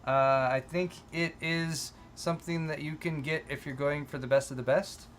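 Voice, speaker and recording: A man's voice: a little high, a little hiss or hum. A man co-hosting a tech live stream, chatting casually and reading out viewer donations in a lifted voice. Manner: loud, lifted voice for donor names, relaxed and halting in chat.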